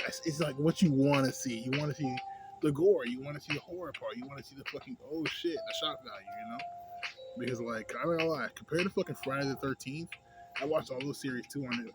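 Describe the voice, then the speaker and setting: A young man rambling casually and profanely into his phone about a movie, acting out scenes in a higher voice. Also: rough recording. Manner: loose, profane, rambling, acts out scenes in a high voice. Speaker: vlogger. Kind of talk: casual smoke-session movie review.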